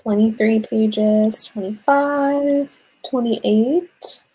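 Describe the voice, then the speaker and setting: A woman's voice: fairly high pitch, steady tone, drawn-out words, dark tone, breathy edge. A young woman hosting a livestream, chatting casually, reading out viewer comments and laughing often. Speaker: livestream host.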